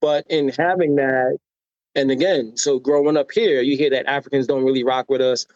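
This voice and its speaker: A mid-range-voiced American man, speaking at normal speed as a podcast guest, animatedly recounts personal stories, performing the people he quotes and often adding "right?". The sound is dry with no room sound, a bit dull, like a modest lo-fi recording.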